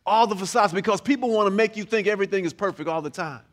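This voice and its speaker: A man preaching a humorous, animated sermon in a church, often repeating words as he builds up. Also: high voice, quick pace, few pauses.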